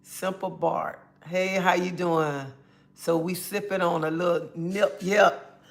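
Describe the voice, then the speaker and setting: A woman's voice: on the low side, fairly even intonation. Woman hosting a laid-back livestream chat. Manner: greets chat viewers by name, drawn-out friendly talk. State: feeling under the weather. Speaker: livestream host.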